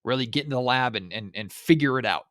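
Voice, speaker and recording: A man's voice: medium pitch, fast, a bit bright, dry recording, studio quality. A man with a nasal, stuffed-up voice from a cold, hosting a solo sports podcast in a chatty way, thinking aloud and asking listeners rhetorical questions. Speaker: podcast host.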